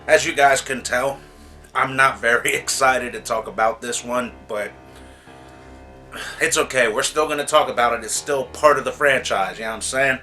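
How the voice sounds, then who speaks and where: A man's voice: mid-range voice, moderate pace, bright, forceful tone, faint music behind. A man hosting a casual movie review vlog, frank and exasperated, chatting in a loose, talky way. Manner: frank, exasperated, chatty with repeated "you know what I'm saying". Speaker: movie reviewer, channel host.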